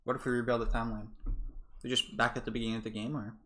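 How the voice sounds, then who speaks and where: A man's voice: mid-range voice, level tone, very fast, bright, forceful tone, a little hiss or hum. A man streaming a visual novel, commenting casually as he plays, rambling and swearing with many fillers. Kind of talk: casual let's-play commentary.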